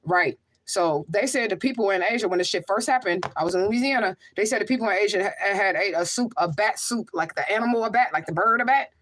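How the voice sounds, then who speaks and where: A woman with a fairly bright, mid-range voice talks quickly, hardly pausing, as she hosts a casual livestream. A spiritual medium, she reads viewer comments aloud and answers with rhetorical emphasis, often asking "okay?".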